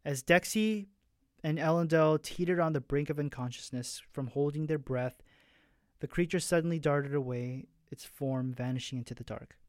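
A man reading aloud an excerpt of his own story in a soft, hushed way, with small slips and restarts. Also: fairly high pitch, moderate pace, no echo, studio quality.

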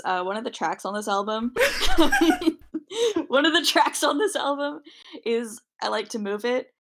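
A young adult woman co-hosting a podcast tells rambling, filler-heavy stories in casual conversation. Her fairly high voice is very animated but measured in pace, with background noise present.

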